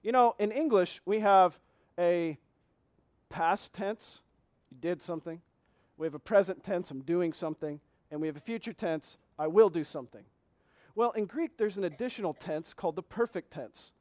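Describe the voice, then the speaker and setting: A man with a fairly high voice preaches a sermon, reading scripture slowly and repeating key phrases. He asks the congregation earnest questions in a dry, close-miked sound. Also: darkish tone, no room sound. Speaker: pastor.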